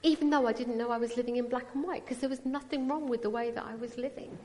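A woman preaching a personal testimony, her voice pitched a little high and carried by a long reverb. She speaks earnestly and breaks off now and then for brief apologetic asides. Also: fairly even intonation, fast, mellow, soft background music. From raised Sikh. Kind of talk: sermon testimony. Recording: hall reverb.

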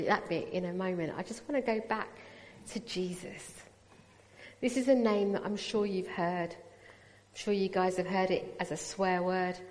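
A woman giving a sermon and telling how she came to faith, earnest and personal, with quick apologetic asides. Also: mid-range voice, darkish tone. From raised Sikh. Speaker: preacher. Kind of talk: sermon testimony. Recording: hall reverb.

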